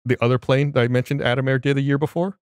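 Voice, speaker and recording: A man's voice: mid-range voice, fairly even intonation, quick pace, no echo. Dry-voiced man explaining on a podcast. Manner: explains step by step, with restarts. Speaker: podcast co-host. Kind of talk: casual explanatory chat.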